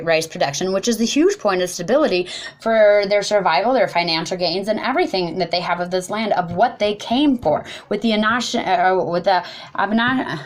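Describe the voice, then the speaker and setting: Passionate low-voiced woman giving a speech. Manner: passionate, rising and loud when upset, stumbles over place names and apologizes. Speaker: speaker at a protest talk. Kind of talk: impassioned speech.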